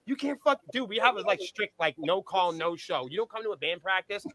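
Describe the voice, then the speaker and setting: Man in his own voice, a raised-pitch, bright storyteller with a foul mouth, recorded close and dry; acts out every exchange. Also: brisk, no room sound. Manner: profane, animated storyteller acting out dialogue. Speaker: band's point of contact. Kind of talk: casual anecdote-telling in a podcast interview.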